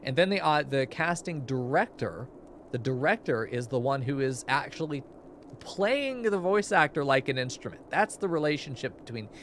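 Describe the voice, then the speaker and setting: A young man in the middle of his normal pitch range, talking casually while reacting to a game. He rambles, loops back, and drops asides as he thinks out loud, with faint noise behind him. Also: sing-song, normal speed. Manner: chatty, rambling, frequent fillers and asides. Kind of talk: casual commentary.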